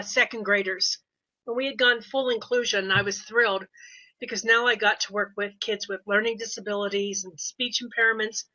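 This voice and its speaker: Older lady chatting on a podcast, kinda high voice, acts out little quotes, muffled audio. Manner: animated storytelling with quoted voices. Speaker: behavior consultant guest. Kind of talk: casual podcast interview. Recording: dull lo-fi audio.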